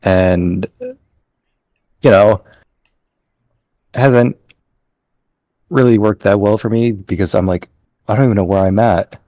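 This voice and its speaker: A man's voice: fairly low pitch, unhurried, pauses often, mellow, no echo. A man co-hosting a casual gameplay chat, hesitant and full of fillers. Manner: hesitant, filler-heavy, mumbling. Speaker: co-host.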